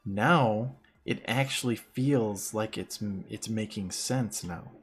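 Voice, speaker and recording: A man's voice: fairly low pitch, takes it slowly, a little hiss or hum. A young man chatting casually while he draws on a stream, joking and picking at his own artwork. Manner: joking, self-critical about his art. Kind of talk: casual chat while drawing.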